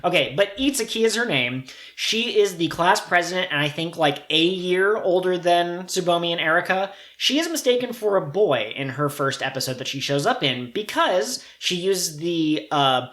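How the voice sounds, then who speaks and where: Joking man co-hosting, roomy echo. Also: a little high. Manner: joking, animated explainer. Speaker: podcast co-host. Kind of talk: casual chat.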